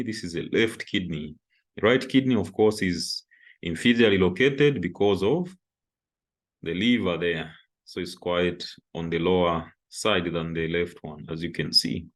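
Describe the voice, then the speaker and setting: Male lecturer from Zambia, low voice, patient step-by-step explanation of a diagram. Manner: explains while pointing at a diagram, frequent "okay". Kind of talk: anatomy lecture.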